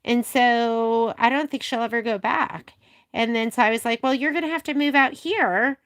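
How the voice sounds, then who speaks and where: A woman's voice: on the high side, normal speed, a bit bright. A middle-aged woman hosting a sewing tutorial vlog, chatting away with rambling, gushing stories full of fillers. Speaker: sewing shop video host. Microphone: camera on a filming arm.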